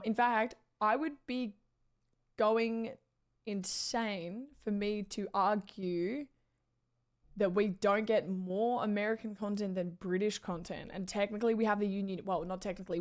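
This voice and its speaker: A woman with an Australian accent chatting casually with her stream viewers, rambling with lots of "like" fillers and restarts. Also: mid-range voice. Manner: chatty and rambling, with frequent "like" fillers and self-corrections. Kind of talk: casual chat.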